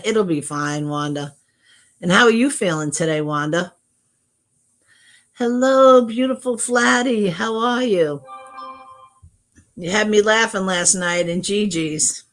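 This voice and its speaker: Here the livestream host is a middle-aged woman whose low-pitched voice carries a fairly bright tone. She chats casually, welcomes people from the chat, and frequently starts her sentences over.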